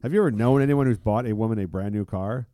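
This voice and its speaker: A man's voice: on the low side, fast, warm tone, no room sound, clean studio sound. A man hosting a comedy podcast, crude and joking, laughing often and restarting his sentences. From Alaska. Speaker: podcast host. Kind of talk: casual comedic chat.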